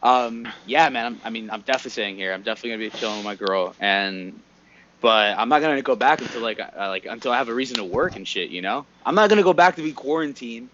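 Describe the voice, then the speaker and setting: A young man talking in a relaxed, slangy way on a video call, laughing often. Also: medium pitch, fast talker. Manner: laid-back, laughing, slangy. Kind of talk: casual video-call chat. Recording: dull lo-fi video call with background noise.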